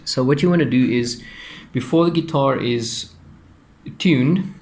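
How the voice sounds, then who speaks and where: A man talks through a guitar setup like a teacher at his workbench, in a plain mid-pitched voice. He rambles a little, repeating words and dropping fillers as he goes. A faint hiss sits under the recording. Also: measured pace, a little mellow. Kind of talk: casual tutorial explanation.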